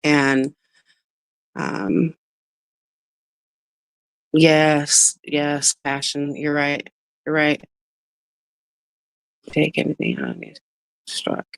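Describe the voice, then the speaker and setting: A woman with a deep, low voice hosts a casual livestream and opens up about personal matters. Her talk rambles with emotion, and she keeps breaking off to greet chat viewers. The sound is dry and close. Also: big pitch swings, very slow, vocal fry, pauses often, smooth, no room sound. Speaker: livestream host.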